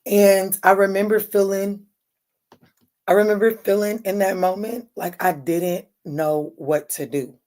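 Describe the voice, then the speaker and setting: A woman's voice: medium pitch, fairly even intonation, unhurried, darkish tone. A woman hosting a late-night tarot livestream, chatting casually and bluntly with viewers, greeting them by name and swearing freely.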